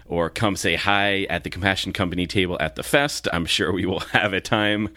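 A man with a fairly low voice, still carrying his just-woken morning voice. He chats casually as a podcast co-host, relaxed and easygoing. The sound is dry and close, with little room echo. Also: normal speed. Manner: relaxed, chatty, laughs easily.

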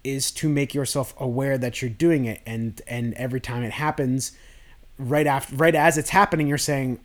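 A man with a medium-pitched, steady voice talks a little quickly as he hosts a self-improvement podcast. He rambles through his thoughts loosely, restarting often and leaning on fillers.

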